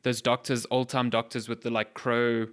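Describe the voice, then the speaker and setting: A man hosting a podcast in casual chat, animated and sweary, drifting into quiet asides. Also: medium pitch, normal speed. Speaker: podcast host.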